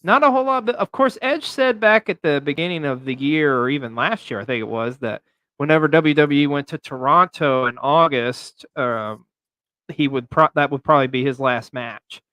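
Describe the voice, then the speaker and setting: A man's voice: a little high, moderate pace, sharp tone, no room sound. A man hosting a wrestling recap show, delivering in a theatrical, announcer-like way. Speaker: host.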